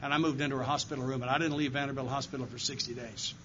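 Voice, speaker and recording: In a meeting room, an older AA circuit speaker races through a heartfelt, earnest recovery testimony aimed straight at his audience. His voice is mid-range and steady in tone. The background is noisy on this dull, lo-fi live recording.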